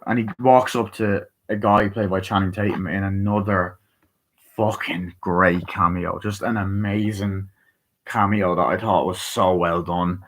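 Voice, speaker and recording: Excitable, profane man reviewing a film. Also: lowish voice, measured pace. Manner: excited, profane, acts out quotes in raised voice. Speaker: movie reviewer. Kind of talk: casual film review retelling scenes.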